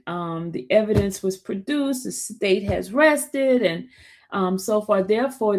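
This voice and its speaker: Chatty woman recapping to viewers. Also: medium pitch. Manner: chatty, animated storyteller addressing viewers as y'all. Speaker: show host recapping a trial. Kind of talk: casual live-stream chat.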